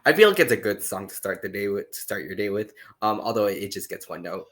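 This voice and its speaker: Bright-voiced man in relaxed podcast chat. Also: lowish voice, fast talker. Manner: relaxed, hesitant, casual. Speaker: podcast co-host.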